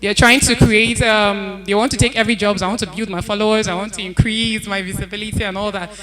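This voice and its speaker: A woman's voice: medium pitch, fairly even intonation, fast, fairly bright tone. Earnest woman giving advice. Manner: earnest, advising, repeats key points. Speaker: panelist. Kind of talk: conference panel talk. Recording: event hall with crowd noise.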